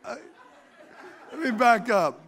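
Some chatter can be heard behind this pastor, whose very high voice moves at a normal speed. He preaches with animation, calling questions out to the congregation for responses and laughing at his own stories.

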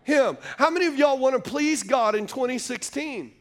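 High-voiced man preaching to a congregation. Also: animated, normal speed. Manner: call-and-response preaching, asks the crowd to answer; jokey asides between points. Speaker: pastor. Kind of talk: sermon. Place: church sanctuary before a live congregation.

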